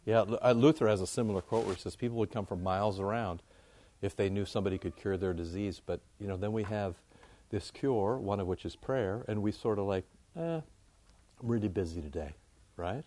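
A man giving an informal, conversational sermon to his congregation, jumping up high in pitch to make a point. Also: brisk. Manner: conversational, animated, rises high for emphasis. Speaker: pastor.

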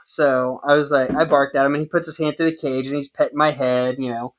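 A man co-hosting a casual podcast chat, telling a long personal story in an animated way. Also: on the high side, brisk, few pauses. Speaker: podcast co-host.

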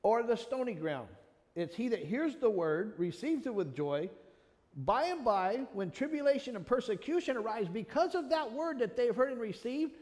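Male preacher, high voice, earnest scripture teaching, long hall reverb. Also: big pitch swings, normal speed, a little mellow. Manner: earnest preaching, reads scripture aloud and names listeners. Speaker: pastor. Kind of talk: sermon.

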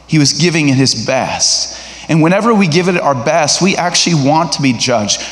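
Middle-aged male preacher in an echoey hall. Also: fairly high pitch. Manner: lively, conversational, asks the congregation questions. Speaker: guest preacher. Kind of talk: sermon. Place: church sanctuary.

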